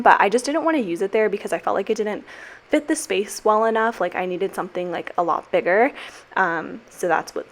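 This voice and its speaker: Young woman, teacher, casual kitchen voiceover, lowish voice, emotional and rambling. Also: a bit bright. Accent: American. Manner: chatty, emotional, many fillers and "like". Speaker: teacher and planner vlogger. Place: home kitchen.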